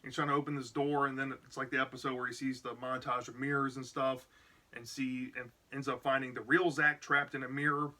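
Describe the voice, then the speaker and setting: Bright-voiced man recapping a story. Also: medium pitch, little pitch movement, fairly quick. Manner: rambling, full of "like" and "you know". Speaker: book reviewer. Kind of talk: casual plot recap.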